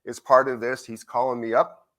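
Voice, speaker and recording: Animated man lecturing at a conference. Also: mid-range voice, moderate pace. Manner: animated, conversational, frequent "right?" tag questions. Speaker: university researcher presenting. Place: conference symposium.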